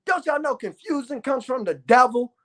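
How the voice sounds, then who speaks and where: A man in his thirties delivering a loud, profane ranting monologue to his viewers, with bursts of shouting. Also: very high voice, lively intonation, moderate pace. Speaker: vlogger.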